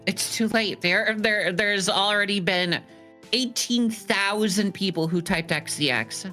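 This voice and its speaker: A woman's voice: mid-range voice, a little slow, sharp tone, soft background music. A woman streamer bantering playfully in casual chat, teasing and swearing casually.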